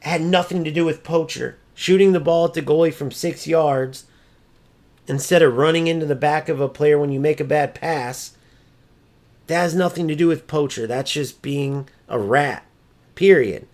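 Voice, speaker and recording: A man's voice: moderate pace, darkish tone. A man streaming a football video game, ranting at chat and mocking opponents, swearing freely. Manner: mimics opponents in a high sneering voice. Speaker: gaming streamer. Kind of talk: live gameplay commentary and chat.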